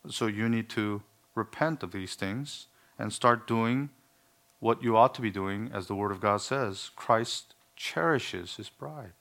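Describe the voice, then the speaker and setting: A man's voice: on the low side, a little slow, a bit bright. A male pastor preaching a sermon in an earnest, emphatic way, with some humorous asides.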